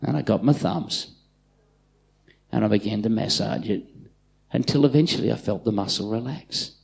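A middle-aged man preaching a live sermon in a church, telling stories and swinging from loud calls to hushed asides. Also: lowish voice, normal speed, creaky. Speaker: pastor. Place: church auditorium with congregation.

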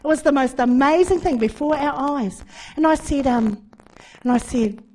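A woman preaching, giving a testimony as an animated story and acting out the dialogue. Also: high voice, moderate pace, poor audio. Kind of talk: sermon testimony.

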